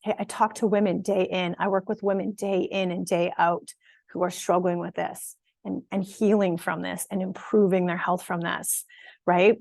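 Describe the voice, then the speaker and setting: A woman's voice: fairly low pitch, little pitch movement, moderate pace, creaky, darkish tone, dry recording. A woman fitness and nutrition coach giving an online workshop talk to viewers. She speaks conversationally and encouragingly, laughing at times and often checking in with "right?" and "okay?". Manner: empathetic and encouraging, with occasional laughs.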